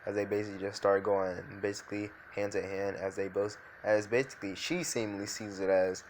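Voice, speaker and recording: A man's voice: fairly low pitch, steady tone, fairly quick, a little hiss or hum. A man improvising a fan fiction story, rambling loosely with many fillers and restarts.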